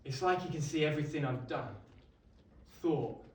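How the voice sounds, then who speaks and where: A man's voice: on the high side, normal speed, darkish tone, natural voice. A man playing a middle-aged Roman centurion, telling his story in a wry, conversational monologue to a live audience. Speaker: costumed actor at an exhibition. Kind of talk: first-person dramatic monologue to a live audience. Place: indoor exhibition hall. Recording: echoey hall, mic at a distance.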